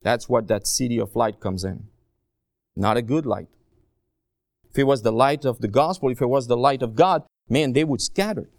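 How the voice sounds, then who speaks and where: A man preaching a sermon as a guest speaker, animated and joking, swinging between quiet low asides and raised emphatic cries. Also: normal speed, no echo, clean studio sound. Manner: joking, self-deprecating asides.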